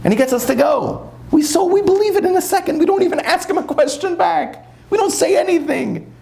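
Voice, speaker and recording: A man, a rabbi, giving an animated, conversational sermon to a live audience. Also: very high voice, fairly quick, creaky, a little hiss or hum. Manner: animated, conversational preaching with acted-out asides.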